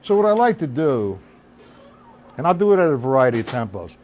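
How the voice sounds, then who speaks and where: Man counting beats over loud drums. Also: mid-range voice, sing-song, fairly quick, over loud music. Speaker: drum teacher. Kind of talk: live-streamed drum lesson. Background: drum kit playing.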